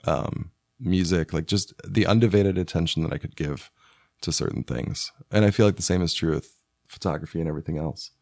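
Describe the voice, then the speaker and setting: A man with a very low, gravelly voice, hoarse from being sick. He talks in a relaxed, rambling, joking way into a close studio mic. The sound is dry, with no room echo. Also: fairly quick. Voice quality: deep gravelly voice. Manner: laid-back, rambling, joking. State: hoarse from illness. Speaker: podcast guest, spouse of host. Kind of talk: casual chat. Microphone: studio microphone.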